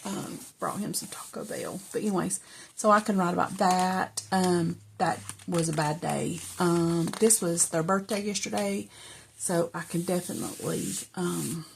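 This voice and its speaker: A middle-aged woman, chatting casually and rambling softly as she journals, often dropping to a whisper. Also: lowish voice, fairly even intonation, measured pace, creaky, a little hiss or hum. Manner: rambling, soft-spoken, drifts into whispers. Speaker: journaling vlogger.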